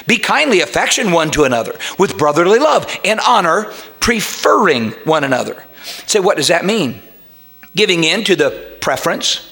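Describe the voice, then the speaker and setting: A man preaching a sermon as pastor, emphatic and rising to shouts. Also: high voice, sing-song, normal speed.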